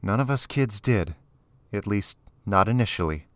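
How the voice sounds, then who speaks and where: A man reading aloud, voicing a calm, guarded teenage girl raised in a prison camp, speaking matter-of-factly. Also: lowish voice, moderate pace, dry recording, voice pushed up, lightly acted.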